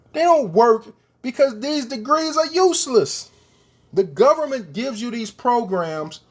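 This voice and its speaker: Male commentator with a high voice, preachy rant to camera, hammers home rhetorical questions. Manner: emphatic, repeats rhetorical questions; addresses the viewers directly.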